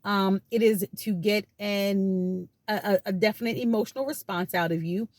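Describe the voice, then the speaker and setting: A woman's voice: medium pitch, normal speed, darkish tone, no echo. Woman talking casually from her car. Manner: rambling, many fillers and restarts. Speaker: channel host talking about healing from abuse. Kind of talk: casual explanatory talk. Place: in a parked car.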